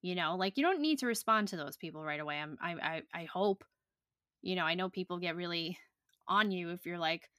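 A woman's voice: fairly low pitch, brisk, sharp tone, dry recording. A young adult woman hosting a podcast in casual chat, blunt and profane with lots of fillers, talking on a close podcast mic. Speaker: podcast host.

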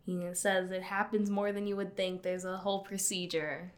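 A woman's voice: mid-range voice, flat delivery, normal speed. A woman chatting casually with a friend, recapping a TV episode. She is enthusiastic and fills in details as she talks. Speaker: podcast co-host recapping a TV episode. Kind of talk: casual chat.

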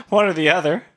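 A man co-hosting a casual podcast, chiming in with short reactions and quick jokes. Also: sits high. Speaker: podcast co-host. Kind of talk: casual chat.

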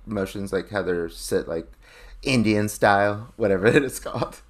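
A man with a fairly low voice talks casually on a podcast. He rambles, piles in filler words and swears freely. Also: moderate pace. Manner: rambling, lots of filler "like", profane. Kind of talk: casual chat.

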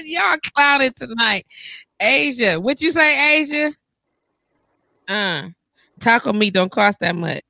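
A woman hosting a live-stream talk show from bed, teasing her guest and reading viewer comments aloud in loud, joking banter. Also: a little high, expressive, takes it slowly, gravelly, long pauses, dry recording. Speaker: livestream talk show host.

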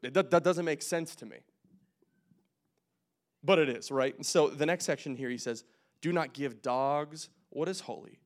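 A young man preaching in a relaxed, conversational way. His voice sits a little on the high side, and he keeps tossing off jokes and quick asides as he walks through a passage. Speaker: pastor. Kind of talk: casual sermon.

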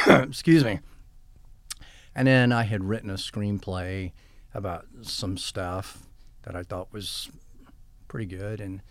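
Speaking slowly with long pauses, an older man's lowish voice has a bright, forceful tone in a dry recording. He's the guest in a storytelling interview, rambling through lengthy anecdotes and voicing the quoted dialogue himself.

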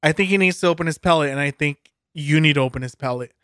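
Male podcast co-host, heated and foul-mouthed, slightly high pitch. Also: fast talker, fairly bright tone, no room sound, studio quality. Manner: profane, ranting, heated. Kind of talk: casual beer podcast chat.

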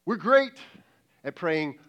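A man's voice: high voice, big pitch swings, slow, a bit bright. A man who is a lead pastor, preaching a sermon in a conversational way and often asking rhetorical questions. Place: church service.

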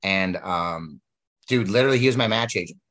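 A man with a low voice speaks briskly, spinning long, rambling tales about his wrestling days in casual conversation. His storytelling is animated and packed with fillers and restarts.

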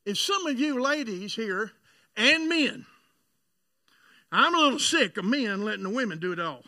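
A man preaching a sermon, telling stories and swinging from loud calls to the congregation to low, joking asides. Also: lively intonation, moderate pace, dry recording, studio quality.

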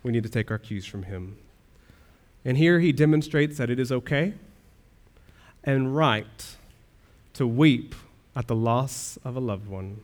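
Male pastor, mid pitch, earnest sermon delivery with emphatic questions. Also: lively intonation, unhurried. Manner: earnest preaching with rhetorical questions and swells of emphasis.

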